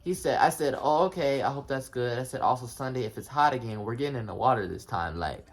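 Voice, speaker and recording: Husky-voiced young man telling a storytime. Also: mid-range voice, fast. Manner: animated, slangy, talks straight to viewers. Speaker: vlogger. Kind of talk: casual storytime monologue.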